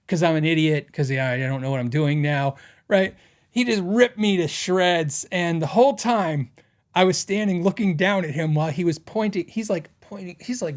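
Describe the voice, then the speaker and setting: A man's voice: fairly high pitch, expressive, fairly quick. A middle-aged man hosting a casual podcast, telling stories in a rambling way with lots of fillers as he reads out viewer comments. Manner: rambling storytelling with frequent fillers and laughs. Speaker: podcast host.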